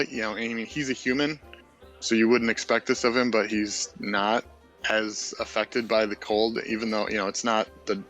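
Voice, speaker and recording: A man's voice: on the low side, a bit bright, rough recording. A man narrating a tabletop game casually, rambling with many fillers.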